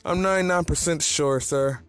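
A man's voice: a little high, fairly quick, soft background music, pitched above the performer's own voice, natural voice. A man voicing an anxious, blunt young masked man in a read-aloud fan story. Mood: worried.

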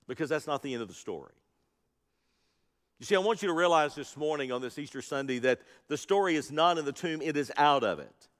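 In a church sanctuary, a male pastor preaches an Easter sermon with a high-sitting, slightly bright voice and a big-room sound. His emphasis rises and falls as he calls out to the congregation.

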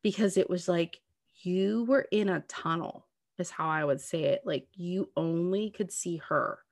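A woman's voice: lowish voice, a little slow, gravelly, no echo, clean studio sound. A woman in casual heartfelt conversation, talking at length in an earnest, reassuring way with lots of "like" and "you know what I mean". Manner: talkative, earnest, reassuring, full of "like".

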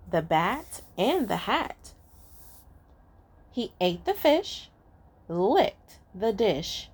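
A woman reading a children's storybook aloud in an expressive, sing-song way. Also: medium pitch. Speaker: storybook reader.

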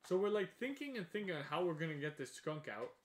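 A man telling a wild story in casual chat, animated, swearing and laughing as he goes. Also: fairly high pitch, fast. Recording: echoey room.

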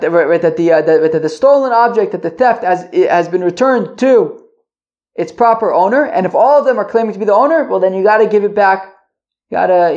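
A woman's voice: lowish voice, a little mellow. A woman hosting a casual Talmud study lesson, reasoning aloud, restarting her sentences and checking that listeners follow. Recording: dull lo-fi audio.

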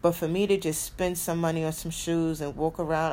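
A woman's voice: low voice, steady tone, fairly quick, a little mellow. A woman hosting a podcast in a casual motivational monologue, emphatic, repeating her key phrases and swearing freely. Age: adult with a son. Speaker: podcast host.

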